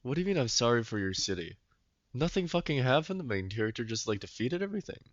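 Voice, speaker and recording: A man's voice: medium pitch, very animated, fast talker, no echo. Podcast guy ranting about a comic, laughs constantly, dry muffled sound. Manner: laughs a lot, acts out characters in exaggerated voices. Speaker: podcast co-host reviewing webcomics. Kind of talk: casual chat.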